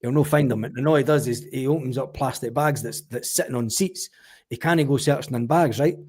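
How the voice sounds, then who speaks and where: A Scottish man swapping swearing, animated anecdotes in a casual podcast chat. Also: mid-range voice, fairly quick. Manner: animated storyteller, swears freely. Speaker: podcast guest or panelist.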